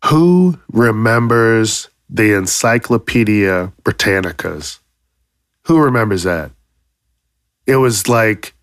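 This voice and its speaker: A man hosting a podcast, delivering a profane comedic rant with loud, exaggerated outrage and plenty of swearing. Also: lowish voice, animated, slow pace, no echo, studio quality. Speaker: podcast host.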